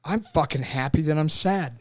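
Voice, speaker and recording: High-voiced swearing veteran in his thirties. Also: normal speed, no room sound, studio quality. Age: 30s. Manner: emotional, profane, animated storytelling. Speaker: podcast host, Marine veteran. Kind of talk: casual chat.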